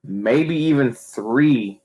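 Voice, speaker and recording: A man's voice: mid-range voice, drawn-out words, husky, dull audio. Young man, wrestling streamer, casual rant, rambling, frequent restarts.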